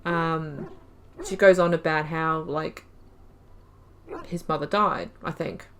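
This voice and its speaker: A woman's voice: low-pitched, fairly even intonation, slow, fairly bright tone, slight background noise. A woman hosting a game playthrough, musing aloud and rambling through her thoughts as she plays. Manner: rambling, musing aloud, acts out quoted lines. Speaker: let's play host. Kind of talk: gameplay commentary.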